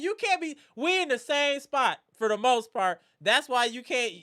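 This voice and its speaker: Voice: high-pitched, big pitch swings, moderate pace, hardly any pauses, sharp tone. A live sports reaction streamer in a casual rant, trash-talking rival fans with lots of slang.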